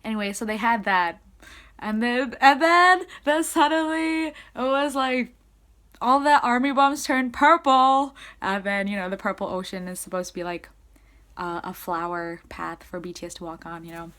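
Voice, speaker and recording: A young woman excitedly recapping a concert she attended, in casual rambling speech full of "like". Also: fairly high pitch, normal speed. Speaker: concert-going fan.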